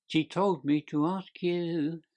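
A man's voice: fairly high pitch, expressive, slow pace, gravelly, a little mellow, voice pushed up, heavily acted. A man putting on a quavering, whining little man. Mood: nervous. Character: frightened, whining small man. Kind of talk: audiobook character reading.

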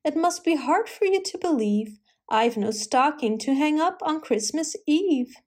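A woman's voice: sits high, lively intonation, a little slow, a little mellow, pitched above the performer's own voice. A woman voicing a sad female animal calling on the phone, speaking in rhyme. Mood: woeful. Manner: rhyming, woeful. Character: sad female Sister Whiskers, tearful caller.

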